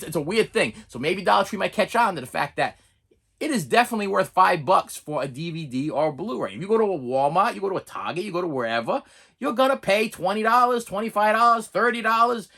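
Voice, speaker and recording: A man's voice: high-pitched, pushed and bright. A man hosting a movie review channel, talking in a casual, rambling way, repeating words, restarting sentences and chuckling between phrases.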